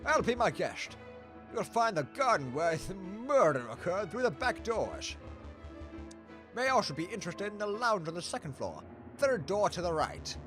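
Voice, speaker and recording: A man's voice: high-pitched, sing-song, normal speed, over music. A man voicing a smug, wealthy male lion baron with a put-on French accent and a pompous, gracious manner.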